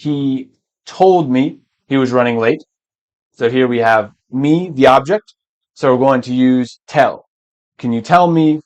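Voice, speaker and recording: Male english teacher, live lesson, slow and patient, encouraging, clears throat often. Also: mid-range voice, a little mellow, muffled recording.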